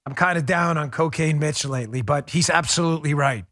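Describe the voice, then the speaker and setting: A sarcastic American man hosting a political talk show, his voice sitting a bit high. He mocks and laughs as he talks, recorded close and dry with no room sound. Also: fairly quick, fairly bright tone, no room sound. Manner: sarcastic, mocking, laughs often. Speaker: podcast host. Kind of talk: political commentary.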